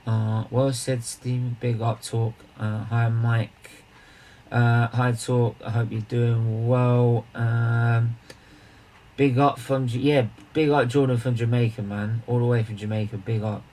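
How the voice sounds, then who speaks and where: A man's voice: medium pitch, flat delivery, measured pace, mellow, a little hiss or hum, low-quality recording. A man hosting a charity live stream, chatting casually with viewers, rambling and restarting his sentences as he greets people and banters.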